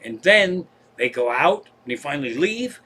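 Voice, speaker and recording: A man's voice: fairly high pitch, very animated, moderate pace, pushed and bright, a little hiss or hum. A man hosting a comedy live stream from home, telling rambling, profane stories in casual chat.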